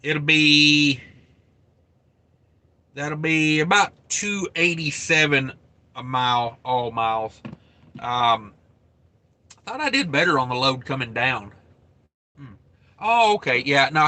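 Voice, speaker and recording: A man hosting a casual trucking livestream, thinking out loud about loads and pay and greeting viewers by name. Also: medium pitch, lively intonation, measured pace, long pauses, no echo. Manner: rambling, thinks aloud, reads viewer names. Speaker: trucking channel host.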